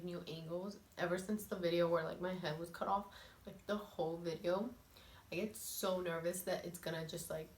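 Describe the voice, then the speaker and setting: A young woman hosting a casual eating show, talking to camera in a chatty, filler-heavy way, a little nervous and giggly. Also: lowish voice. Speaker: mukbang vlogger. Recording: echoey room with faint ambience.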